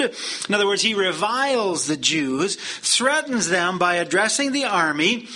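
A man's voice: high-pitched, big pitch swings, unhurried, sharp tone. A man teaching a Bible lesson verse by verse in a conversational, explanatory way with frequent fillers.

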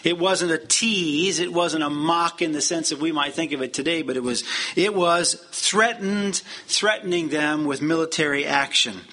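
A man's voice: high voice, pushed and bright. A man teaching a Bible lesson verse by verse in a conversational, explanatory way with frequent fillers.

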